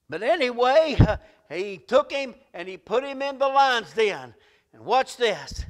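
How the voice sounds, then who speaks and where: High-voiced preacher, slow and halting. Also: male voice, very animated. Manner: frequent "uh" fillers, preaching cadence. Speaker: pastor. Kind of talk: sermon. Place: church sanctuary.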